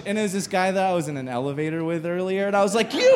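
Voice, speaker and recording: A man, a stand-up comedian, telling a profane, animated story live on stage and shouting his quoted lines. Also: high-pitched, fast.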